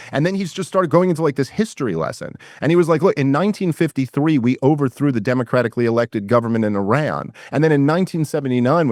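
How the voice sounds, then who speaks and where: In studio-quality audio with no echo, a medium-pitched man from New York City guests on a casual podcast interview. He spins an animated story, acting out the people he quotes and slipping in quick asides quoting himself and others.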